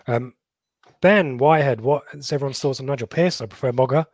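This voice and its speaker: A middle-aged man co-hosting a football podcast, reading out viewers' comments in a halting, casual way with many pauses and ums. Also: medium pitch, darkish tone, dry recording. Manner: halting, lots of ums and restarts. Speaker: podcast co-host.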